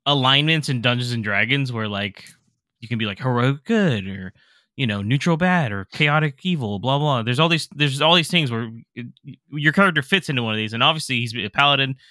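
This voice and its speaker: A man on a podcast with a very bright, forceful voice, recorded dry and close. He tells stories animatedly, swearing freely as he goes. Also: medium pitch, a little fast, no echo. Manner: profane, animated storytelling. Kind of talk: casual chat.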